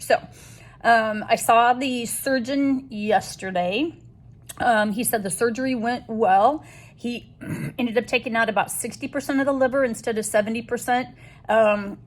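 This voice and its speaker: A woman recording a candid personal video diary, talking hesitantly with many pauses and restarts as she gives a health update. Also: mid-range voice. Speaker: vlogger sharing a health update.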